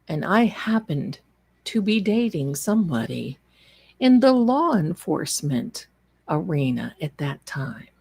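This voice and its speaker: A woman's voice: deep voice, very animated, measured pace, vocal fry, a little mellow, husky. A woman telling a spooky personal story on a live show in a chatty, dramatic and folksy way, calling her listeners darlings.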